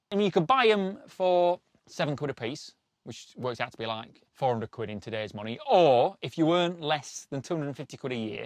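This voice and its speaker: Documentary presenter: man, animated storyteller, salty language, fairly high voice. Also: vocal fry, dry recording. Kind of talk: lively storytelling to camera.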